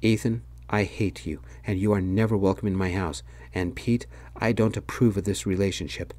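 A man voicing a bitter, angry middle-aged mother in a soft-spoken whispered role-play. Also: low-pitched, steady tone, moderate pace, lightly acted.

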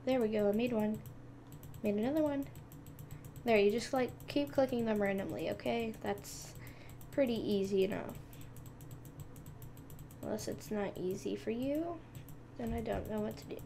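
Her voice is fairly high and warm, with vocal fry, normal speed, and long pauses, against slight background noise. The young woman hosts a gaming channel, playfully chatting to viewers while clicking away in casual commentary.

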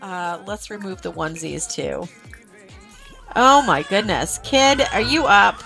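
A woman's voice: medium pitch, lively intonation, a little slow, creaky, sharp tone. A woman streaming a game live, gushing and talking to her game characters as she plays. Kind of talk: live-streamed gameplay commentary. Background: game music.

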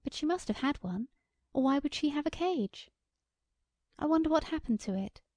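A woman's voice: high-pitched, animated, moderate pace, darkish tone, dry recording, voice pushed up. A woman voicing a timid, hesitant sheriff's wife with a thin, indecisive voice in an audiobook. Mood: anxious.

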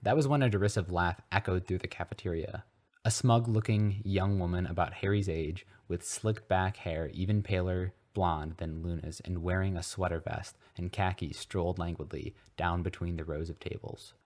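A man hosting a podcast, reading fanfiction aloud with deadpan narration. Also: low voice, moderate pace. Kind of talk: comedic story reading.

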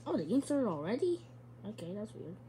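A woman's voice: medium pitch, big pitch swings, fairly quick, mellow, a little hiss or hum. A woman giving casual, chatty let's-play commentary, giggling and talking back to a game character. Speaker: gamer.

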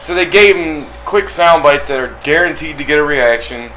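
A man's voice: a little high, moderate pace, sharp tone, slight background noise, rough recording. A man co-hosting a casual radio show, blunt and argumentative, swearing freely. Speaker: co-host. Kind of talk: casual podcast chat. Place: small hot room with air conditioning.

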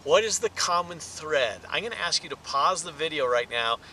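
A man preaching a sermon with a high, bright voice that climbs for emphasis. He teaches in an animated way. Faint traffic noise sits in the background. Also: moderate pace, rough recording. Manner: animated, rises in pitch and volume for emphasis. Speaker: pastor.

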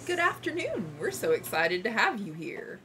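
A woman voicing a cheery young raccoon shopkeeper boy in a high, chirpy sales-pitch voice. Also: sing-song, moderate pace, background noise.

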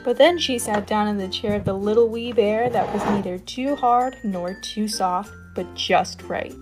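A woman telling a fairytale as a guest storyteller, reading expressively with lively emphasis. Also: medium pitch, normal speed. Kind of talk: storybook narration. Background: background music.

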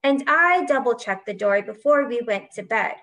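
A woman's voice: a little high, lively intonation, moderate pace, a bit bright. A woman voicing an easygoing, loyal boy teammate who talks casually. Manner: casual, friendly.

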